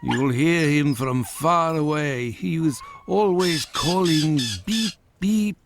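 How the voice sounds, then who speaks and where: Kindly slow game shopkeeper; gravelly, fairly high, very slow, noisy audio. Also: male voice. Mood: earnest. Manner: slow, earnest. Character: older male pet shop keeper, kindly and slow.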